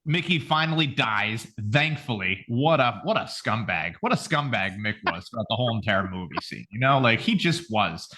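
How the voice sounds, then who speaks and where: A man hosting a podcast in casual chat, animated, rambling and swearing freely. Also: medium pitch, moderate pace, few pauses. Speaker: podcast host.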